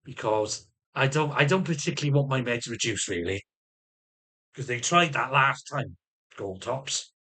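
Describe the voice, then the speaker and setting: A man's voice: mid-range voice, bright, forceful tone, husky. A middle-aged man ranting in a casual monologue, swearing heavily, restarting and repeating phrases as he goes, and sometimes mimicking other people's voices. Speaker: vlogger.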